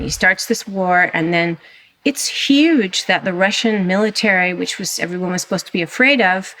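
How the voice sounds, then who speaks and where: A woman with a lowish voice talks as a podcast guest. She is animated and emphatic, often restarting her sentences as she builds a point. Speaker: guest historian and author. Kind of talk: conversational interview.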